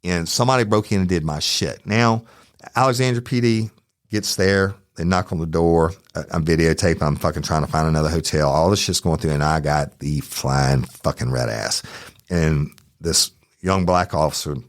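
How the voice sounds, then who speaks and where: Man, Southern Louisiana accent, very low voice, dry close mic, profane heated storytelling, podcast host. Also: normal speed, no room sound. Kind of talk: true crime storytelling.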